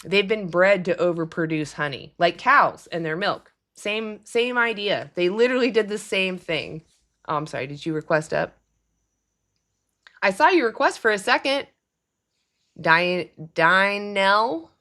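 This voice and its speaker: A young woman talking casually on her livestream, chatty and quick to laugh as she answers commenters. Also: medium pitch, animated, sharp tone. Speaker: livestream host. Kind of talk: casual live-stream chat.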